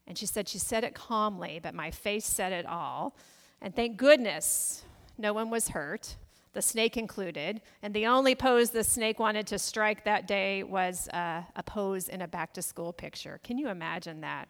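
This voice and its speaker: A woman's voice: medium pitch, moderate pace, in a large hall. A woman pastor preaching a sermon in a conversational, storytelling way, often asking the congregation questions.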